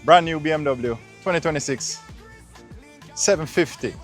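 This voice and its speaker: A man's voice: fairly high pitch, moderate pace, faint music behind. A man vlogging a car detailing job, talking casually and slangily to his viewers as he works. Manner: laid-back, slangy, addresses viewers as guys. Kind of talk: casual how-to narration. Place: outdoors beside a car being washed.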